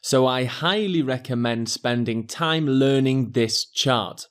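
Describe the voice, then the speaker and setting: A man teaching an exam pronunciation lesson in a clear, deliberate scripted delivery that stresses key words. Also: medium pitch.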